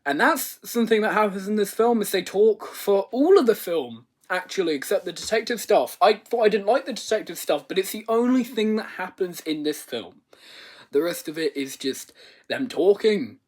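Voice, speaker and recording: A man's voice: sits high, lively intonation, normal speed. A man giving a rambling, comedic movie review rant, swearing and exaggerating. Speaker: video reviewer.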